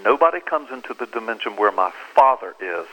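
A man's voice: lowish voice, very animated, a little fast, a bit bright, poor audio. A man speaking as an author and pastor guest in an interview, explaining scripture in an earnest, emphatic, preacherly way. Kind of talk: animated interview talk.

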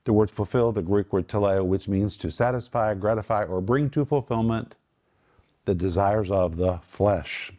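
Earnest preaching man, low voice. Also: normal speed, dark tone. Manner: earnest, emphatic preaching that moves into spoken prayer; explains Greek word meanings patiently. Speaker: Bible teacher and host. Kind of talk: Bible teaching in a studio group discussion.

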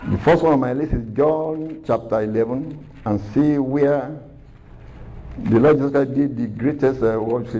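A man's voice: medium pitch, warm tone, rough recording. A man preaching a recorded sermon, earnest and repetitive, asking rhetorical questions.

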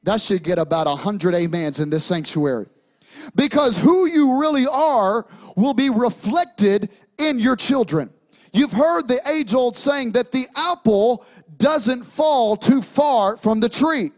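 A man's voice: very high voice, animated, unhurried, a little mellow. A man, preaching a sermon in a church sanctuary, with humor and emphatic repetition. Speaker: pastor.

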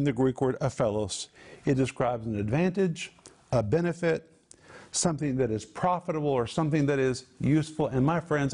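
A man's voice: fairly high pitch, darkish tone. A man teaching the Bible on a broadcast program, emphatic, explaining the meanings of Greek words verse by verse.

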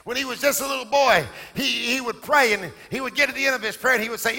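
Shouting high-voiced preacher. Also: male voice, fast. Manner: shouting, sing-song preaching with call and response. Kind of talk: sermon. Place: church sanctuary. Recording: echoey church hall with music. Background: music.

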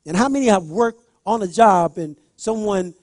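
A male preacher delivering a sermon, repeating phrases and rising into loud emphatic bursts as he speaks straight to the congregation. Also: high voice, expressive, normal speed, no echo, studio quality. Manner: talks directly to the congregation.

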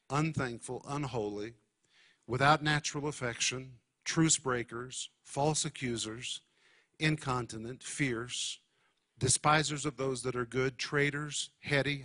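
A man teaching a sermon to a congregation, speaking emphatically and deliberately and stressing key words. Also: mid-range voice, fairly bright tone. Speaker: Bible teacher.

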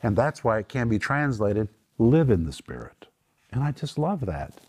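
A middle-aged man delivers televised Bible teaching. He speaks emphatically and breaks Greek words down step by step. His pitch sits in an ordinary middle register. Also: very animated, normal speed, a little mellow, slightly rough.

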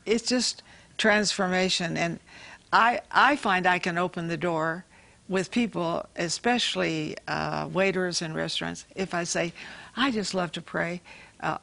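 A woman's voice: lowish voice, a little slow, vocal fry, fairly bright tone, dry recording. A woman hosting a Christian talk show, earnestly urging viewers to pray and read.

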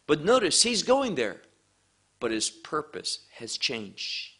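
A man teaching a sermon at a slow, deliberate pace, leaning hard on key words. His voice is bright and a little high, and it swings widely in pitch as he stresses each point. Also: big pitch swings, breathy edge. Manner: emphatic, rising and falling for emphasis, slow deliberate phrasing. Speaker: preacher.

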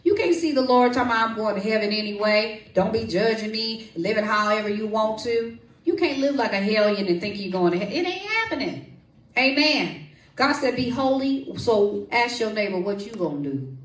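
Lively woman preaching in an echoey church. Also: on the high side, moderate pace, far from the mic. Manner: lively, call-and-response, folksy. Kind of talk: sermon with testimony and prayer. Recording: echoey room, voice from off-mic.

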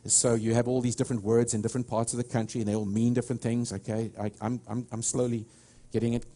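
A man's voice: medium pitch, little pitch movement, fast talker, warm tone. A middle-aged man with a South African accent preaching a sermon, telling stories with many restarts. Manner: rambling, storytelling with many restarts. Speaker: pastor.

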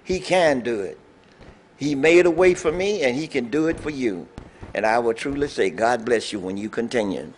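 A man's voice: medium pitch, animated, moderate pace, a little hiss or hum. A man giving an earnest, emotional testimony in church. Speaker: congregation member giving testimony.

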